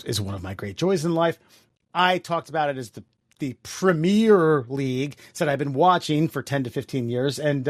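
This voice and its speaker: A man's voice: medium pitch, no echo, studio quality. A man co-hosting a casual podcast, reading out listener comments with frequent laughs, filler words and swearing. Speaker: podcast co-host.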